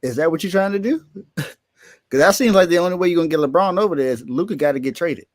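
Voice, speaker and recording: A man's voice: fairly high pitch, animated, fast talker, dry recording, studio quality. Emphatic, repetitive sports podcast man. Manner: repeats himself, emphatic and incredulous. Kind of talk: casual sports talk.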